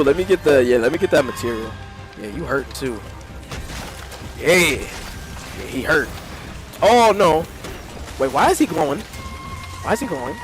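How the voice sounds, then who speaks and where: A man's voice: high-pitched, normal speed, pauses often, rough recording. A man telling a story while playing a game, acting out the people he quotes. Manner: animated storytelling with mimicked quotes. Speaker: gaming streamer. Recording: game music in background.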